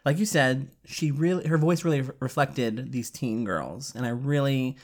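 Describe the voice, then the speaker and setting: A woman with an unusually deep, low voice, chatting casually about an audiobook with a friend. She is blunt with her opinions and laughs easily. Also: normal speed. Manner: giggly, blunt, playful. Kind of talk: casual book review chat.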